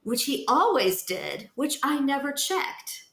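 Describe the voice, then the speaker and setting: Taking it slowly, a woman with a high, slightly bright voice swings widely in pitch as she gives personal testimony in a podcast interview. She's the guest, a nonprofit founder, speaking earnestly and emphatically over a roomy echo.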